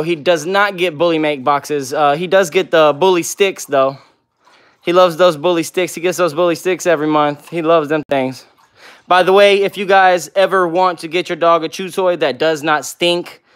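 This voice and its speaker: His voice is a little high, fairly bright, and clear with a resonant quality. As a pet vlog host on a casual livestream, he addresses viewer comments one by one and babbles baby talk to his pets.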